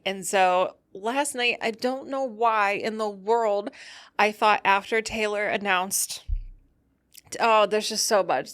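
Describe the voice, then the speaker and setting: A woman's voice: mid-range voice, fairly bright tone. A tired, loopy woman hosting a casual solo podcast, rambling and laughing often as she tells a story. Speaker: podcast host.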